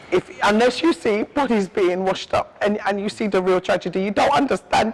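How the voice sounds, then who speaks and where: A woman's voice: medium pitch, normal speed, few pauses, poor audio. A woman from England giving heartfelt, emphatic interview answers and often checking in with "yeah?". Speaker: interview guest.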